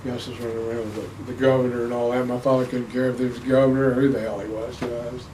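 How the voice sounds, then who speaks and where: A man's voice: medium pitch, racing. An older man, an interviewee telling rambling family stories for an oral history, with many restarts. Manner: rambling, animated storyteller with frequent restarts. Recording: distant mic with faint background noise.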